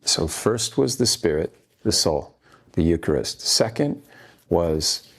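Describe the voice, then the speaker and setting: A man's voice: deep voice, expressive, slow pace. A man being interviewed as a guest actor, telling earnest, rambling stories full of restarts. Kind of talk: anecdotal interview storytelling.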